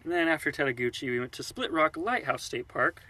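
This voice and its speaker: A man's voice: fairly high pitch, fairly quick. A young man co-hosting a casual travel podcast, easygoing and laid back in his replies. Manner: relaxed, easygoing, brief replies. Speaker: podcast co-host.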